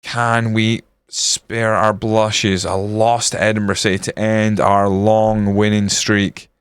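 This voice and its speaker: Man streaming a management game, smooth clear voice, dry close sound, casual grumbling, frequent swearing. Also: lowish voice, level tone, slow, dry recording. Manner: frustrated, grumbling, swears often. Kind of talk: casual live-stream commentary.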